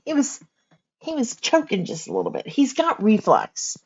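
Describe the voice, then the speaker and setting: A woman's voice: sits high, big pitch swings, moderate pace, a little mellow, husky, highs cut off. An older woman, an author hosting a casual livestream, chatting and laughing often while she coos at a baby.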